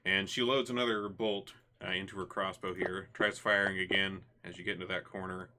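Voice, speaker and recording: A man's voice: low-pitched, level tone, a little fast, noisy background. A man narrating a tabletop game as game master, in a loose, hesitant way with many fillers.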